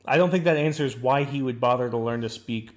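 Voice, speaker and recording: A young man hosts a relaxed conversation and keeps asking questions. His voice is mid-range and unremarkable. He thinks through each point out loud. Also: medium pitch, brisk. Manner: inquisitive, questioning. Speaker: host. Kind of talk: casual chat.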